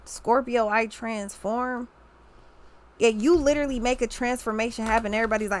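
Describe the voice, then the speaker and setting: A woman's voice: a little high, steady tone, normal speed, a little hiss or hum. A young woman talks through a tarot reading in a loose, casual way. She rambles, restarts her thoughts and leans on slang for emphasis. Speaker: tarot reader.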